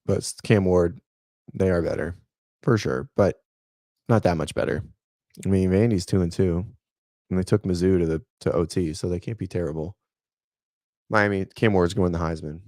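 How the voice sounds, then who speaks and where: Low gravelly guy rambling casually to his viewers, dry close sound. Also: normal speed, pauses often, darkish tone, no echo. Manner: rambling, laid-back, talks to viewers by name. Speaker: fitness coach and channel host. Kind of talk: casual livestream chat.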